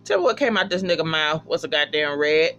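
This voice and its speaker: A vlogger casually recapping a TV episode, profane and animated, acting out the characters' lines. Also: mid-range voice, a little fast, highs cut off, slight background noise. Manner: profane, animated, acts out quotes. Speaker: TV episode reviewer.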